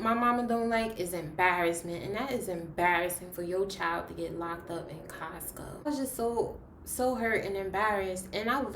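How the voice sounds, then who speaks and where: A young woman tells a story to her viewers in a loose, casual way. Her voice sits at an ordinary middle pitch and swings between hushed asides and loud, dramatic bursts. The room gives her voice a noticeable echo, with faint ambient noise underneath. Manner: animated, dramatic retelling with big swings in loudness. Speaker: vlogger. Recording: roomy echo.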